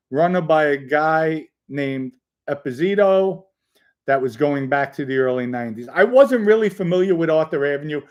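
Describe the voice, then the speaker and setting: A middle-aged man hosting a livestream, reading viewer comments aloud, joking with chatters and rambling through stories. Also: fairly high pitch. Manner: rambling anecdotal storytelling. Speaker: livestream host. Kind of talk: casual livestream chat.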